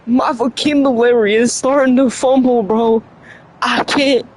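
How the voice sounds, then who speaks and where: The voice is medium-pitched, fairly even in intonation, and a little slow, with a faint hiss or hum. It belongs to a young adult streamer chatting casually on a livestream, fumbling words, self-mocking, and laughing often between lines.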